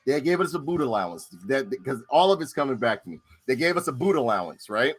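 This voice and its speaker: A middle-aged man telling stories in casual chat. He is animated, swears freely and repeats his lines for effect. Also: medium pitch, fast talker, few pauses, faint music behind. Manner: animated, profane, repeats himself. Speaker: storyteller.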